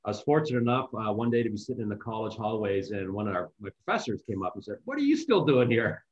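A man's voice: lowish voice, steady tone, quick pace, dull audio. A man in his fifties, a guest in an interview, talking in a friendly, rambling way with many restarts. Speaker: guest, hotel executive. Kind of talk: casual interview talk. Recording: echoey room.

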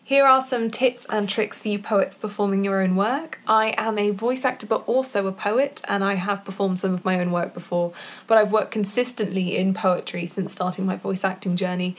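A woman voice actor talks through performance advice in an easy, conversational manner. She is informal, with relaxed fillers. Her pitch sits at an ordinary middle level for a woman. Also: moderate pace. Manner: chatty, with fillers and small laughs, demonstrating vocal exercises. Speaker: voice actor and poet giving tips. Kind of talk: casual instructional talk.

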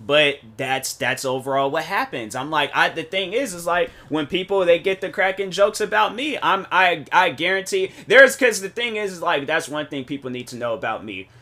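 A young man telling a long story on his podcast in a loose, meandering way, circling back again and again with "so anyways." His voice sits a little high for a man and sounds bright and forceful. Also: lively intonation, normal speed, hardly any pauses. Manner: rambling, with many restarts and "so anyways" asides. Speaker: podcast host. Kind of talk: casual storytelling monologue.

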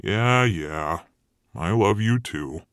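A man's voice: low voice, lively intonation, takes it slowly, a bit bright, dry recording, studio quality, heavily acted. A man voicing a weary, grumpy male Satan, hesitant and sarcastic in his replies. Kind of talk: audiobook character reading.

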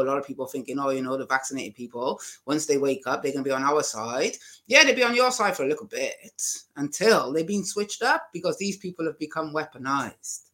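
A man's voice: medium pitch, pushed and bright. A man hosting a channel, talking emphatically in a casual way and tagging his points with "right?" and "you know?". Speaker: channel host. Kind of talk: casual opinionated talk.

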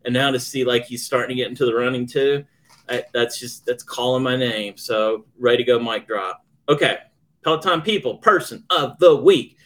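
A man co-hosting a casual podcast, talking in loose rambling bursts and joking around. His voice sits at an ordinary middle pitch. Relaxed, chatty delivery. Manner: chatty, rambling, quick to joke. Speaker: podcast co-host. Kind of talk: casual chat.

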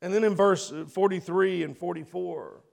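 Passionate man preaching, high-voiced. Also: moderate pace, vocal fry. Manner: emotional, swings from loud to hushed. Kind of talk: sermon.

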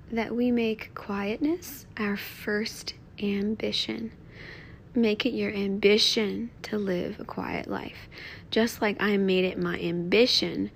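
A young woman speaks gently and earnestly in a reflective devotional talk recorded at home, often sinking to a near-whisper. Her voice sits at an ordinary middle pitch with a noticeably gravelly, fry-laden texture. A faint low rumble hums behind her. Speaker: podcast host.

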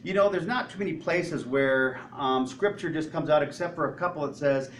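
A man's voice: on the high side, normal speed, reverberant, far from the mic, a little hiss or hum, rough recording. A man preaching a sermon as a pastor. He asks the congregation questions and acts out quoted voices.

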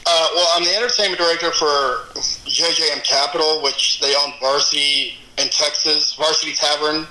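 A man's voice: on the high side, moderate pace. A man in his thirties, a DJ, telling a profane story casually as a podcast guest. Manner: profane, animated, laughing storyteller. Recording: roomy echo.

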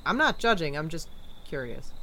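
Casting: a woman playing a dry, teasing, exasperated partner with a lively voice, audio drama. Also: low voice, moderate pace, a little hiss or hum, heavily acted.

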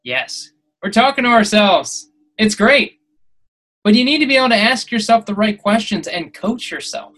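A man's voice: sits high, animated, normal speed, fairly bright tone, low-quality recording. Man, podcast host, motivational monologue, preachy, exhorting, emphatic.

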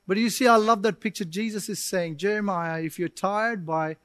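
A man pastor preaching a sermon at a church service, animated and joking with the congregation, at times building to emphatic shouting. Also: sits high, moderate pace, no echo.

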